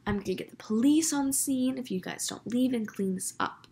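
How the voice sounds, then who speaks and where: A woman's voice: fairly high pitch, normal speed, dark tone, natural voice. A young woman voicing a mean, insulting elderly neighbor while retelling an argument with her. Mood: scolding. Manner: harsh and insulting.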